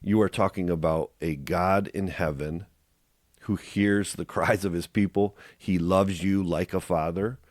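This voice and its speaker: A man's voice: low voice, steady tone, measured pace, a little mellow, no room sound, studio quality. A middle-aged man hosting a faith podcast, talking earnestly and putting direct questions to his listeners. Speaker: podcast host. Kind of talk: faith-based podcast talk.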